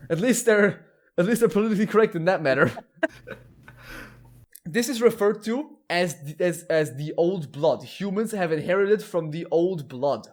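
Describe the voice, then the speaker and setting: A man with a fairly high voice talks through an explanation on a casual podcast. He often restarts his sentences and speaks bluntly. His delivery is loose and conversational. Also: expressive, normal speed. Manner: explains at length, with many restarts and some laughing. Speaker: podcast host explaining lore.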